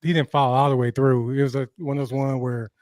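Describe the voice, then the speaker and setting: A man's voice: medium pitch, steady tone, fairly quick, darkish tone, dry recording. A man co-hosting a casual chat, joking and teasing the others. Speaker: podcast co-host.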